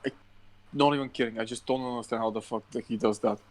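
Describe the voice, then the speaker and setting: A man's voice: mid-range voice, steady tone, fast, a little mellow. Blunt, foul-mouthed young man podcaster. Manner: blunt, heavy swearing storyteller. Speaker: podcast co-host. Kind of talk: casual chat.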